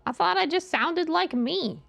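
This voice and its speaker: Very high, bright, gravelly woman. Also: lively intonation, unhurried, faint music behind. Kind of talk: casual chat on a game stream.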